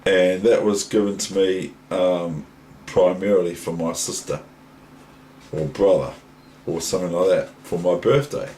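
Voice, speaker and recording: Older kiwi guy, low voice, slow rambly chat to his toys, ums everywhere. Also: fairly even intonation, mellow, a little hiss or hum, rough recording. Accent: New Zealand. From New Zealand. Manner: rambling, chatting to toys, full of ums and asides. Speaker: chess teacher. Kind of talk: casual vlog chat.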